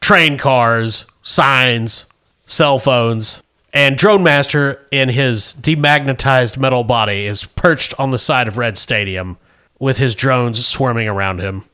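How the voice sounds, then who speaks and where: A man's voice: mid-range voice, takes it slowly, sharp tone, clear, resonant tone. A man at the head of a tabletop game paints the scene with vivid detail. He slips small chuckles between lines as he narrates. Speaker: game master.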